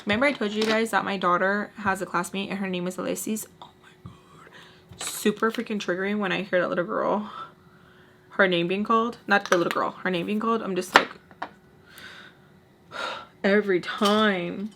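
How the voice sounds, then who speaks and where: A woman's voice: medium pitch, steady tone, normal speed, vocal fry, noisy background. Chatty young woman telling a story. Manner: chatty, exasperated, heavy on "like", slips into Spanish phrases. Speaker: storytime vlogger. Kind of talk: casual storytelling.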